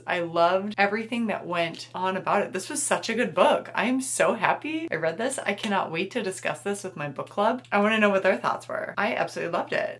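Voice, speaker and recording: A woman's voice: medium pitch, fairly bright tone. A young woman talking casually in a reading vlog, gushing and laughing often as she chats about a book. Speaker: book vlogger.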